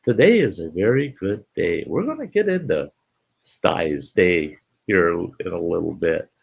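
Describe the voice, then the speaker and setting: A very low, gravelly man's voice, husky at the edges, chats with viewers in an unhurried, folksy way. He hosts a live stream and reads viewers' messages aloud. His pitch swings widely as he repeats phrases and keeps calling his listeners folks. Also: big pitch swings, muffled recording.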